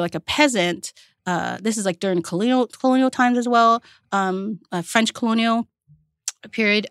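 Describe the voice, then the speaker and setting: A woman from Vietnam, guest chef on a talk show, spins lively anecdotes and slips into other people's voices. Her pitch sits mid-range for a woman. The sound is close and dry, with no room around it. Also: dry recording. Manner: lively anecdotal, acts out quotes, casual swearing. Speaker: chef and restaurant owner, guest. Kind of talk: casual storytelling interview.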